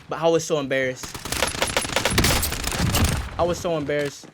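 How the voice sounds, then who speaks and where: This clip is very noisy, with game gunfire behind a young man's fairly high, brisk voice. He's a gaming video creator playing a shooter and telling an embarrassing story offhandedly. He keeps saying "bro," talking in lively slang.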